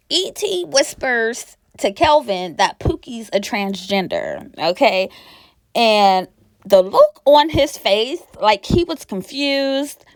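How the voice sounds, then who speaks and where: A woman's voice: fairly high pitch, dry recording, studio quality. A young woman from Pennsylvania recapping a reality show in a sassy, gossipy, casual way, laughing often.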